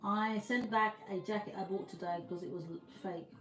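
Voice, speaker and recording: A woman's voice: mid-range voice, steady tone, normal speed, far from the mic. A woman from the UK chatting casually with viewers on her livestream, rambling and restarting often. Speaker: livestream host. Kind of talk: casual live chat with viewers. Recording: roomy, from the mic, faint music.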